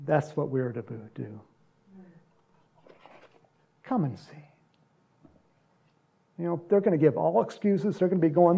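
A man preaching a sermon and leading a closing prayer, animated, acting out scenes and laughing often. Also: a little high, moderate pace, gravelly, pauses often, slightly rough.

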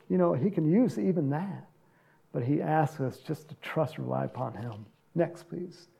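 A man preaching a sermon and leading a closing prayer, animated, acting out scenes and laughing often. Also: a little high, gravelly, slightly rough, highs cut off.

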